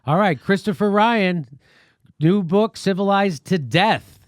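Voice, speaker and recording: Male host, casual storyteller, curses a lot, slightly higher voice, dry studio mic. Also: takes it slowly, dry recording. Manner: rambling storyteller, swears freely. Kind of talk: casual interview chat.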